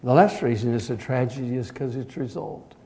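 A man preaching a sermon, earnest and direct, swinging between loud and quiet as he tells a story. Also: medium pitch, a little fast.

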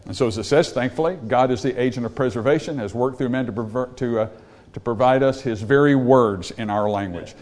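A man's voice: mid-range voice, fairly quick, darkish tone. Emphatic man preaching a sermon. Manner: emphatic, repeats words, asks the congregation questions. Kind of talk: sermon with slides.

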